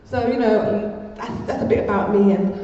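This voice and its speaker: A woman's voice: medium pitch, moderate pace, dark tone, highs cut off, a little hiss or hum. Older woman, echoey hall, far off. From England. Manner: heartfelt, rambling, with repeated phrases. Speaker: speaker at a community peace event. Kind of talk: personal testimony speech. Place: large hall.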